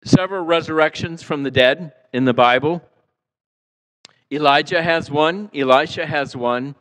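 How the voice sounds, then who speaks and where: Male pastor, slightly high voice, lively church sermon, loud-soft swings. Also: a little slow, low-quality recording. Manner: animated preaching, acting out quotes, swinging between loud and soft. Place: church sanctuary.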